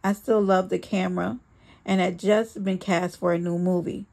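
A woman's voice: fairly low pitch, steady tone, normal speed, creaky, a little mellow. A woman reading a first-person memoir aloud, with a dramatic, earnest storytelling manner. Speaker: audiobook reader.

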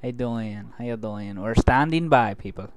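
A man's voice: mid-range voice, normal speed, smooth. A man recording let's play commentary, joking and talking back to the game's characters. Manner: jokey, talks back to game characters. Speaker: gaming video host.

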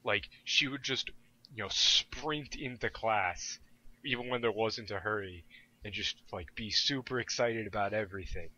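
A young man telling stories in casual podcast chat, self-deprecating and animated. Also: on the low side, normal speed, dull audio. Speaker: podcast guest.

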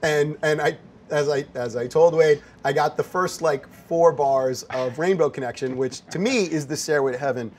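A man's voice: fairly high pitch, moderate pace, slight background noise. A man hosting a talk show from behind a bar, asking questions in an enthusiastic, upbeat way. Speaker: host. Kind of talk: casual interview chat. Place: bar set.

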